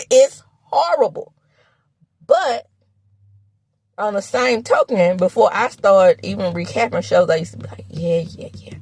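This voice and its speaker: A woman from the American South with a Southern accent, recapping reality TV in sassy, animated casual commentary. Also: a little slow, pauses often, slightly rough, no echo. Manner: sassy, animated, with laughs and sudden high exclamations.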